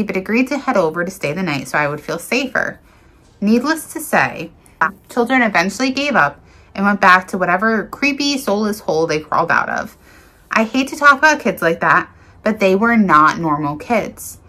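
A woman's voice: mid-range voice, lively intonation, normal speed, sharp tone. A woman reading viewers' paranormal encounter stories aloud in an earnest, dramatic way, with small slips and restarts.

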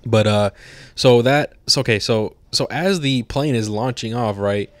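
A man's voice: mid-range voice, unhurried, dry recording. A man co-hosting a podcast, chatting casually and profanely about a movie, acting out scenes in put-on voices. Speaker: podcast co-host. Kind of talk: casual movie review chat.

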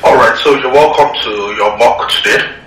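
Male examiner, brisk and formal, bright tone, distant roomy audio. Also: medium pitch. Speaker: mock exam examiner. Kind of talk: formal exam instructions.

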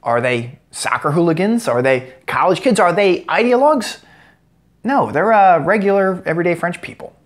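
A man's voice: sits high, animated, normal speed. An American man giving a sarcastic, joke-filled commentary vlog as a political commentator. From United States. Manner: sarcastic, joking asides.

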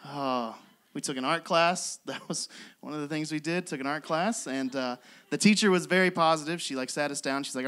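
A man's voice: a little high, brisk, fairly bright tone. A young man doing a self-deprecating stand-up set on a club stage, often laughing through his lines. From West Virginia. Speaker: stand-up comedian.

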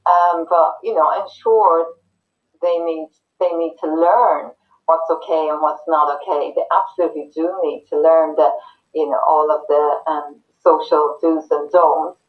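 Parenting educator, woman, earnest and gentle, heard from a distance on a muffled video call. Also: low voice, steady tone, a little slow. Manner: earnest, gentle, acts out soothing words to a child. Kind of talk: conversational interview.

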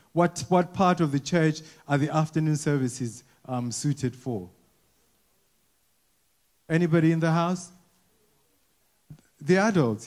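A man's voice: mid-range voice, darkish tone. A man preaching a conversational sermon to a church congregation, often repeating words as he goes and asking the people questions. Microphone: wearing a mic.

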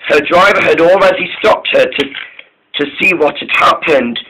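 A man's voice: a little high, background noise. A man narrating a homemade engine story, stumbling and restarting his phrases often. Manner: halting, many false starts and restarts.

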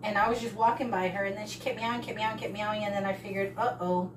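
A woman vlogging from her backyard in a medium voice. She speaks soothingly to a mother cat and chats casually with viewers. Clear background noise and cat sounds run under the homemade recording. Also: medium pitch, steady tone, fast. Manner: soothing, talks softly to a birthing cat. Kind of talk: casual vlog talk to viewers. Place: backyard outdoors. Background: cats meowing.

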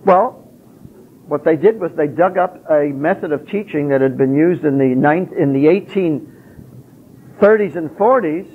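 A man's voice: on the high side, a little slow, a little hiss or hum. A man giving an emphatic public lecture, posing rhetorical questions and answering them himself. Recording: tinny lo-fi phone-like recording.

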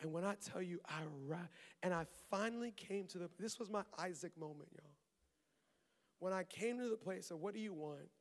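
A man preaching a sermon as pastor, lively and talkative, with asides to the congregation and laughter. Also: high-pitched, normal speed, in a large hall. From Maryland. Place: church auditorium.

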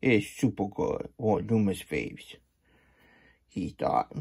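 Slow, mellow man reading a storybook. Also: fairly low pitch, animated, vocal fry, slight background noise. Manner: playful cowboy-persona banter, rambling asides. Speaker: children's book reader.

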